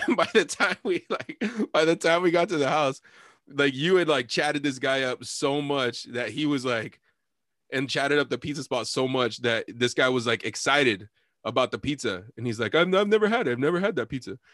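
A man telling a rowdy night-out story in casual chat, swearing and quoting people in sudden high voices, laughing often. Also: moderate pace, no room sound, clean studio sound. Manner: animated storytelling, swearing, quoting people with big pitch jumps.

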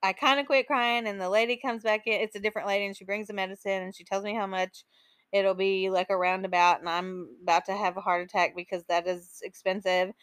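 A woman's voice: mid-range voice, flat delivery, brisk, fairly bright tone, smooth, no echo. A woman hosting a podcast, telling a personal story in a casual, emotional way, with many "like"s and "um"s. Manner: chatty, emotional storytelling full of "like" and "um". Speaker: podcast host.

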